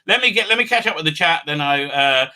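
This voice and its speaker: Fast-talking and expressive, a man with a little high, bright, forceful voice hosts a live stream. He rambles through viewer comments with many fillers and restarts while fiddling with his desk mic, leaving the level unsteady.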